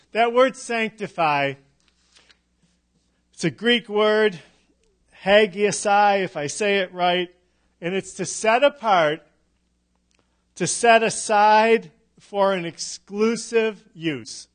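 A middle-aged man preaching a sermon, emphatic and unhurried, with dramatic pauses and touches of humor. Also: high-pitched. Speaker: pastor.

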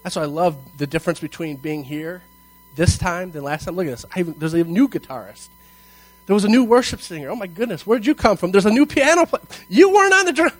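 A male pastor preaching a sermon to a congregation in church, telling a personal story and acting out its dialogue with animated delivery. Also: sits high, quick pace, low-quality recording. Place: church service before a congregation.

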